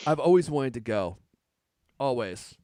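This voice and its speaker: A man's voice: medium pitch, animated, unhurried, dark tone, no room sound, studio quality. A man co-hosting a live tech podcast, chatty and laughing often as he reads viewer comments aloud. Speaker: podcast co-host. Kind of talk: casual live-stream chat. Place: home studio on a live camera stream.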